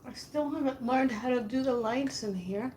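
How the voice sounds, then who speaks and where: A woman hosting a casual livestream, greeting viewers by name and sometimes dropping to a soft whisper. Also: high voice, moderate pace, slight background noise. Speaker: livestream host. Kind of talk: casual live chat.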